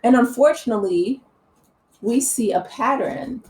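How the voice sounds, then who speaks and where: A woman's voice: fairly high pitch, measured pace, a little mellow, low-quality recording. A woman vlogger giving impassioned, earnest opinion commentary, with many fillers and restarts.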